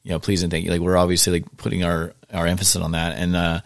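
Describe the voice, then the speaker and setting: Podcast host guy, low voice, talks fast, chatty, dry mic. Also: monotone, gravelly, dry recording. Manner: quick, chatty, laughs at himself. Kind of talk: casual interview chat.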